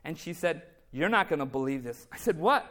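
A man's voice: on the high side, lively intonation, fairly quick, fairly bright tone. A man preaching a testimony sermon, telling his story through reported dialogue and calling out to the congregation. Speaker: speaker giving a faith testimony.

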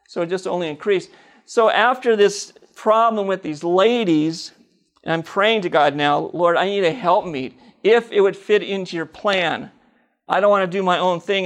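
A middle-aged man telling his personal faith testimony, animated, acting out the dialogue in his story. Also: high-pitched.

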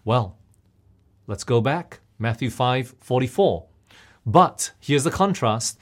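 A man delivers a sermon in a voice of middle pitch. He keeps turning to his listeners with questions as he preaches. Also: lively intonation, slow. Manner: asks the listeners questions often.

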